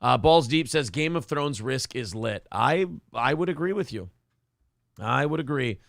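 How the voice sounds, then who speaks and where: Gravelly-voiced man hosting crude chat. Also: medium pitch, expressive, a little slow, a bit bright, no echo, studio quality. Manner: crude, joking, self-mocking. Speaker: morning show host reading live chat. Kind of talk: casual profane chat.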